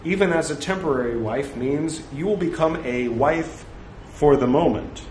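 A man's voice: on the high side, normal speed, darkish tone, a little hiss or hum. A man reading scripture aloud in translation, breaking off for wry, joking asides. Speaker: reader of scripture. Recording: roomy echo, faint ambience.

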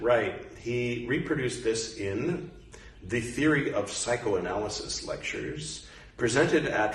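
A man in his forties reads aloud and breaks off for casual, rambling commentary and apologetic asides. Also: fairly low pitch. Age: 40s. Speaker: reader and commentator. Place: room in Goa, India. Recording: roomy sound, distant from the mic.

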